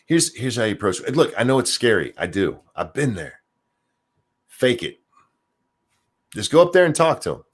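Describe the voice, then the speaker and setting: A man hosting a casual livestream, reading viewer comments with sarcastic asides. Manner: animated, sarcastic, jumps high in pitch for jokes. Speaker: stream host.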